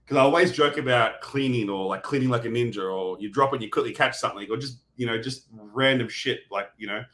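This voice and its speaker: A man's voice: medium pitch, fast talker, fairly bright tone. A man, a guest chatting casually and rambling about his brand, swearing now and then. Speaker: guest, supplement brand founder. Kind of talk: casual interview chat.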